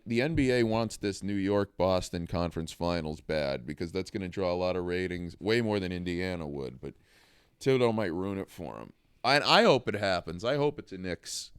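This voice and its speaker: A man's voice: low-pitched, animated, moderate pace, clean tone, no room sound, studio quality. A man co-hosting a casual podcast chat, blunt and opinionated, laughing often. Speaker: podcast co-host.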